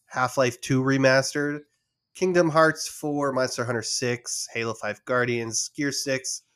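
A man's voice: mid-range voice, steady tone, unhurried, fairly bright tone, clear, resonant tone. Rambling man reading gaming news. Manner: rambling, reads out lists with restarts. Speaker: podcast host. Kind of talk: casual chat about game news.

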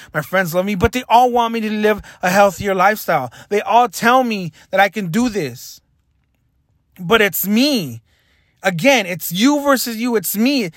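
A man's voice: high-pitched, fairly bright tone, no room sound, studio quality. A young man talking earnestly and self-critically in a confessional vlog monologue. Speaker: vlogger.

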